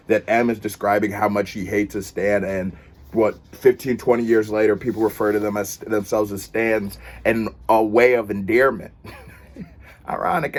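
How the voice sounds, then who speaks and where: A man hosting a casual reaction video, talking in an animated, joking and playful way. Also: on the low side. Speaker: host reacting to a music video.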